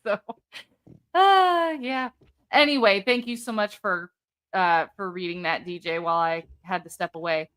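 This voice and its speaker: Bright-voiced woman hosting a live stream. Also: mid-range voice, unhurried, clear, resonant tone. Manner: animated, chatty. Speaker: host. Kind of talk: live true-crime discussion.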